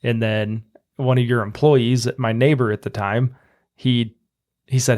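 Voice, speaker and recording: Podcast host guy, average pitch, chatty, does the voices in his story. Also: normal speed, darkish tone. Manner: chatty, acts out quotes in a raised voice. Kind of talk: casual storytelling chat.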